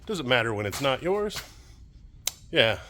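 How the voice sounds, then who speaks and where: A man's voice: mid-range voice, sing-song, unhurried, sharp tone, a little hiss or hum. A man venting on his vlog, frustrated and swearing as he rants about his day. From Kansas, United States. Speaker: vlogger.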